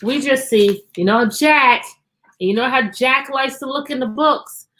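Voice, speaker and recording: Woman teacher doing a kids storytime on a stream from her computer, upbeat, kinda high voice. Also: unhurried, a bit bright. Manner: cheerful, repeats greetings, greets children by name. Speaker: teacher reading to children. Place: at home at the computer.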